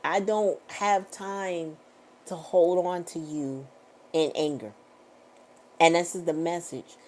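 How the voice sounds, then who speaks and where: Middle-aged woman tarot reader with a low voice, blunt and profane, talks in a casual motivational way. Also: steady tone, slow pace, darkish tone, slight background noise. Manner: emphatic, repetitive affirmations.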